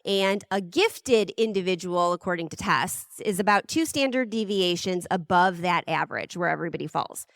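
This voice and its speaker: A woman's voice: lowish voice, normal speed, few pauses, a bit bright. A woman podcast host talking in a chatty, enthusiastic way. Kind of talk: podcast ad read and talk. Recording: music bed behind voice.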